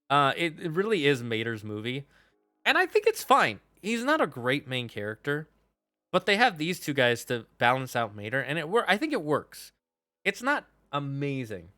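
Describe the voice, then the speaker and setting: A young man gives casual tier-list commentary on his stream, opinionated and quick to curse when something bugs him. His voice is bright and forceful. The sound is dry and close, with faint music underneath. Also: on the high side, no room sound. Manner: opinionated, swears while ranting.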